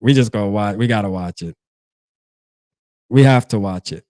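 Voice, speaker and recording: A man's voice: fairly low pitch, normal speed, a little mellow, no room sound, studio quality. A man hosting a casual sports fan stream, talking in a laid-back, slangy way. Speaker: sports channel host.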